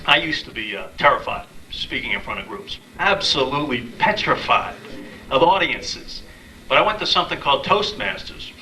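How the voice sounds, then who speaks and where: A man in his thirties doing a stand-up comedy set, telling dating stories deadpan and acting out the quotes. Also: medium pitch, moderate pace, recorded from a distance, a little hiss or hum, poor audio. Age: 30s. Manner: deadpan storytelling with acted-out quotes. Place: small live comedy venue.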